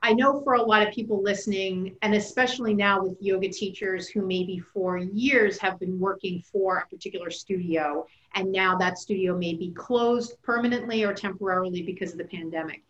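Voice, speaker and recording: A woman's voice: mid-range voice, steady tone, moderate pace, few pauses, fairly bright tone, echoey room, lo-fi sound. A woman hosting a podcast, asking a guest long, encouraging questions. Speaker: podcast host. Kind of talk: interviewing a guest.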